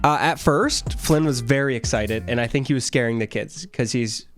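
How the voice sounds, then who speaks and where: A man's voice: mid-range voice, normal speed, faint music behind. A man co-hosting a podcast, congested from a cold, rambling casually with lots of fillers. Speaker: podcast co-host.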